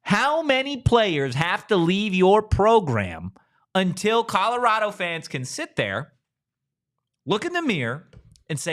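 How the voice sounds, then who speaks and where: Brash, animated male sports host. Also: high voice, a little slow. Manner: brash, mocking, swears freely. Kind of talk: casual sports talk.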